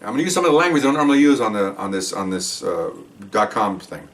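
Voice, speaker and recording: Older man, retired police officer, casual storytelling, animated quoted voices, slightly distant mic. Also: fast talker. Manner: animated, acts out quoted dialogue with higher pitch. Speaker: retired police veteran telling stories.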